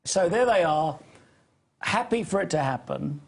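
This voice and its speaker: Husky man pressing interview questions. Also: a little high, expressive. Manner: halting, repeats words, presses the point.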